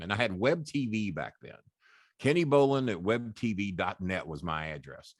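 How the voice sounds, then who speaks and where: A middle-aged man, guesting on an interview and telling animated, profane, boastful anecdotes. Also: fairly low pitch, moderate pace, dry recording, clean studio sound. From Louisville, Kentucky. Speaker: guest, former wrestling manager. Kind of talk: casual storytelling interview.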